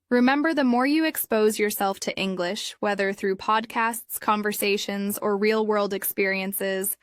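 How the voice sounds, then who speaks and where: A woman gives a scripted English lesson, explaining each point calmly and steadily. Her voice sits at an ordinary middle pitch. The recording is dry and close, with no room sound. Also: clear, resonant tone, dry recording. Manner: calm, measured, explanatory. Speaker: English teacher.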